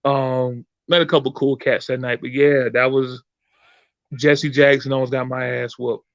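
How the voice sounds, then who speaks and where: A man hosting a podcast, telling a story in a profane, animated way with many restarts. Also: medium pitch, unhurried, no room sound, dull audio. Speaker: podcast host and performer. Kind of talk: casual chat, storytelling.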